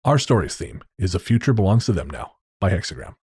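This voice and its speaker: Low-voiced relaxed male podcast host. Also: quick pace, husky, dry recording, studio quality. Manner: relaxed, laughs easily. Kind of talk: casual podcast outro and banter.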